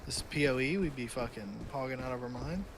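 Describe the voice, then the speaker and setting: A man's voice: mid-range voice, fast talker, creaky, slight background noise. A man playing a video game with a streamer friend, teasing and blunt, swearing freely. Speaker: gaming friend. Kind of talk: casual gaming chat.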